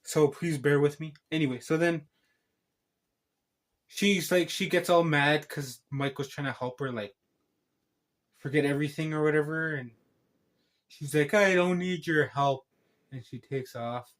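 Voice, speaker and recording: A man with a slightly higher voice retells a film plot in a loose, rambling way. He keeps restarting his sentences. It sounds like an unscripted review recap. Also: fairly even intonation, a little slow, pauses often. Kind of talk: casual spoken film recap.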